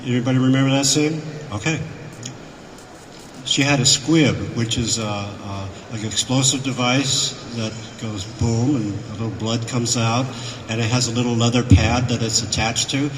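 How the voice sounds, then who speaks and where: A man guesting on a convention panel, telling animated anecdotes to a live audience and acting out the voices in his quotes. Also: medium pitch, normal speed, noisy background. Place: convention hall. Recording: echoey hall, miked from afar.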